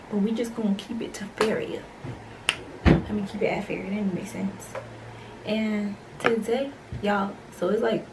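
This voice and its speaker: A woman's voice: medium pitch, gravelly, far from the mic, background noise. A young woman telling a rambling, slangy story to her camera at home at night. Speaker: vlogger. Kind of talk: casual story time.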